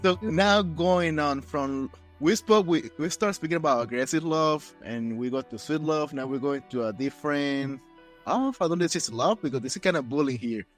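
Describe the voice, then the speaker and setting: A man hosting a casual interview, speaking English with a Spanish accent, relaxed and jokey, laughing easily. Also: a little high, normal speed, soft background music. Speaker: host.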